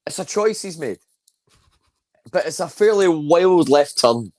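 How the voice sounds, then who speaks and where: A man's voice: on the high side, expressive, a little slow, darkish tone, no echo. A man co-hosting a comedic wrestling show, dry and understated in his humor. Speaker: co-host. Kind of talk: casual comedic chat.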